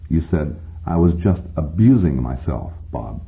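A man lends his voice to a patient robot psychoanalyst who speaks softly and probes with calm questions. The voice sits very low. It comes through thin and tinny, like a phone line. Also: a little slow, vocal fry, exaggerated voice. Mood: probing. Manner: calm, soft-spoken, probing. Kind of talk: audiobook reading.

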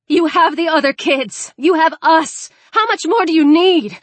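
A woman narrating an audiobook, voicing a desperate young woman whose pleas come out high and strained. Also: a little slow, dry recording. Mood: pleading. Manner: high, strained, urgent pleading. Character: desperate young woman pleading, then frantic. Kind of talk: audiobook character voice.

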